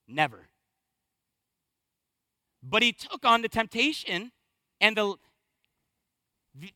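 Male preacher, impassioned sermon, very bright tone, close and dry sound. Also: extremely high pitch, no room sound. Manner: impassioned, swinging between hushed and loud. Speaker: pastor.

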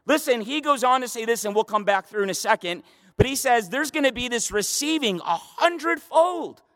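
A man's voice: extremely high pitch, animated, normal speed, a bit bright. A man preaching a sermon in a church, building to emphatic repeated questions. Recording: reverberant church hall.

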